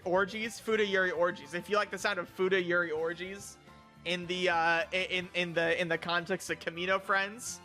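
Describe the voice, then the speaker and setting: Bright high-voiced young man, stammering. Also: steady tone, normal speed, faint music behind. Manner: rambling, stammering, crude, mock-outraged outbursts. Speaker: streamer. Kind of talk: casual stream chat, reviewing viewer picks.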